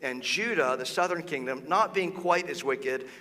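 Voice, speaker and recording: A man preaching a sermon as pastor, telling the story in a lively, casual way with slang and quoted voices. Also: fairly high pitch, normal speed, in a large hall.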